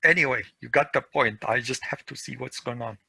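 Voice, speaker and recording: A man teaching a weekend school class, drilling word pronunciation slowly and repeating each word to his students. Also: mid-range voice, gravelly, sharp tone, breathy edge, no room sound, rough recording. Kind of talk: classroom grammar lesson.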